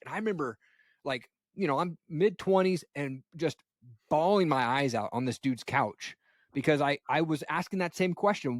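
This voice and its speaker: A man's voice: medium pitch, a little fast, no echo, clean studio sound. A man in his forties hosting a podcast, talking in a laid-back, reflective way and often saying "man.". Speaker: podcast host. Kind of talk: casual conversation.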